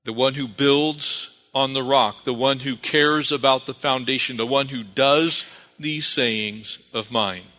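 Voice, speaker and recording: A man's voice: mid-range voice, unhurried, bright, forceful tone. A man preaching a sermon as pastor, calling for amens and repeating phrases for emphasis. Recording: long reverb of a hall.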